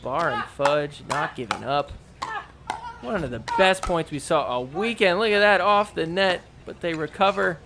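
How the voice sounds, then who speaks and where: A man's voice: a little high, normal speed, vocal fry, very noisy. A man hosting a podcast, giving casual commentary over match clips in a playful way. He laughs often and mimics the players. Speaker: podcast host.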